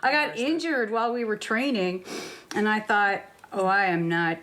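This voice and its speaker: A woman's voice: medium pitch, moderate pace, a bit bright. An older woman interviewed for a documentary, telling candid stories about the past. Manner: candid, storytelling.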